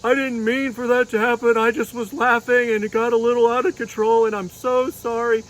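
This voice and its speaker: A man's voice: very high-pitched, level tone, a little fast, pitched above the performer's own voice, rough recording. A man voicing a friendly little male dragon puppet, earnest and apologetic.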